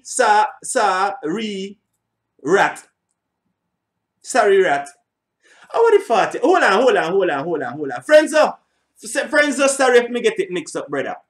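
A man's voice: high voice, a bit bright. Chatty man with lilt. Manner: rambling, repeats words, laughs and swears casually. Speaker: reaction channel host. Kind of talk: casual reaction commentary.

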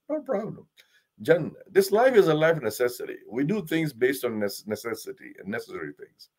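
Man preaching, swinging loud to hushed. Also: mid-range voice. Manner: recites Arabic verses quickly. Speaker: imam. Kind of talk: sermon on Quran verses.

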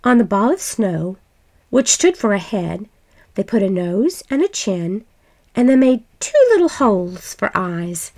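A woman reading a fairy tale aloud in a gentle, expressive way. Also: medium pitch, a little slow. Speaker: storyteller.

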